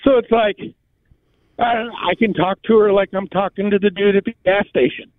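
A man with a high voice rambles along in slangy, halting casual chat, restarting his sentences often. He is heard over a thin, phone-like line with no room sound at all. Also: steady tone, no echo. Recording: tinny phone line, dry.

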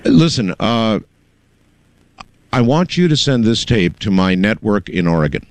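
A man's voice: on the low side, big pitch swings, unhurried. A man hosting a call-in radio show, cutting in often and steering the caller in a firm, businesslike way. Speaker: radio talk show host.

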